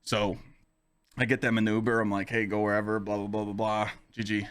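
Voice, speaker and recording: A man's voice: lowish voice, brisk, clear, resonant tone. A man hosting a podcast, telling a story in a casual, profane way, full of filler phrases. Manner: animated, profane, full of "you know" fillers. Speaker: podcast host and streamer.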